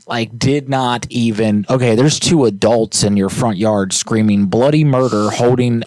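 Low-voiced joking man co-host. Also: moderate pace, hardly any pauses, a little mellow, no echo. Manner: crude, joking storyteller with frequent fillers. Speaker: podcast co-host. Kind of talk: casual live-stream chat.

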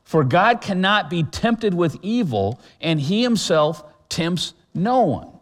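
A man's voice: sits high, sing-song, slow, long reverb tail. A middle-aged man preaching a sermon as pastor, conversational and earnest, with frequent fillers and restarts.

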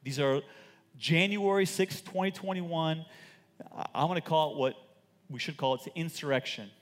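A man preaching a sermon as a pastor, animated and emphatic with joking stories, in a large church auditorium. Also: on the high side, normal speed. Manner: animated, emphatic, jokey storytelling. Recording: long hall reverb.

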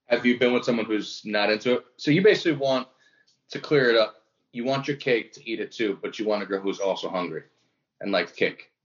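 A man's voice: lowish voice, brisk. A man co-hosting a casual comedy podcast, teasing his friend with dry quips and short reactions. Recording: slightly dull lo-fi audio.

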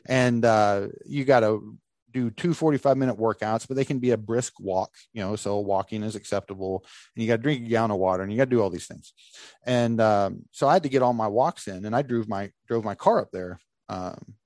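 A man hosting a casual podcast, telling a story with lively acted-out quotes. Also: fairly low pitch, fairly quick, no echo, studio quality. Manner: animated storyteller acting out quotes. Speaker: podcast host.

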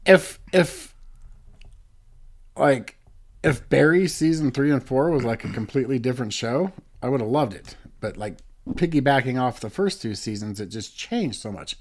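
A man's voice: medium pitch, expressive, moderate pace. A man co-hosting a podcast, chatting in an easygoing way with lots of "like" fillers. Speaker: podcast co-host. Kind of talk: casual chat.

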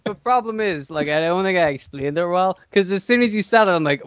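A man co-hosting a casual podcast, rambling through a quick story and swearing freely. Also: high voice, expressive, clean tone, dry recording. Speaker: podcast co-host.

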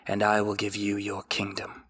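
A man's voice: fairly low pitch, moderate pace, vocal fry, fairly bright tone, full character voice. A man doing a whispering priestess woman. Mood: hushed. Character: seductive whispering female red priestess.

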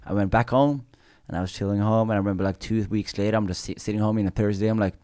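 A man's voice: on the low side, racing, no echo, studio quality. A young adult man, a comedian guest, telling stories in a casual chat, swearing freely and laughing often. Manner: animated, swearing anecdotes with laughter.

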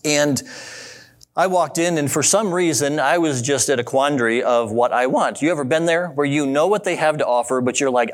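A man preaching a sermon in a relaxed, conversational way, telling a story and asking his listeners questions. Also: a little high, moderate pace. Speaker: pastor.

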